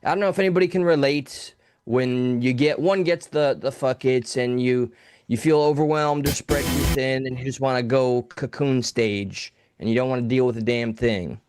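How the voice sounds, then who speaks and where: Male co-host, frank and profane, mid-pitched, dry close mic. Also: normal speed, a little mellow, clear, resonant tone, no echo. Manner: candid, self-deprecating, swears freely. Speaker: co-host of a live call-in show. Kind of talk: casual live show banter.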